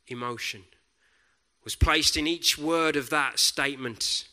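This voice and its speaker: A man preaching a sermon in a deliberate, reflective way, often dropping to a soft hush on key words. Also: medium pitch, smooth.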